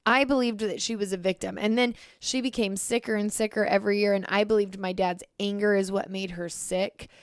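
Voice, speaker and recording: A woman co-hosting a podcast, talking in a smooth, clear voice at a middle pitch. She reflects openly and candidly, recorded close and dry with no room sound. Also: steady tone, fairly quick, few pauses, no echo. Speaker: podcast co-host. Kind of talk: casual conversation.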